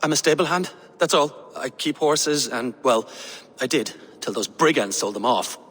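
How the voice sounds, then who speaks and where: A meek, husky stable hand. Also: male voice, mid-range voice, expressive, normal speed, fairly bright tone, in a large hall. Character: nervous freed stable hand, meek and agreeable. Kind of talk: video game voice acting.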